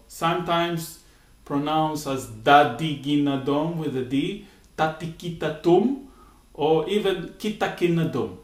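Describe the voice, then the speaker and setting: A man teaches rhythm in a patient, explanatory way, with frequent small fillers and check-ins. His voice sits a little high for a man. The room around him rings with echo. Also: measured pace. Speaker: music teacher. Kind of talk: spoken rhythm lesson with sung syllable demonstrations.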